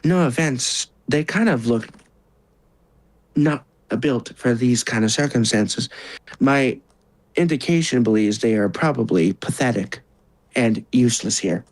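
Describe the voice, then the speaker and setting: A man's voice: medium pitch, animated, a little slow, no echo, low-quality recording. A man voicing Tiana, a haughty sorcerer woman. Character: stern haughty female sorcerer aide.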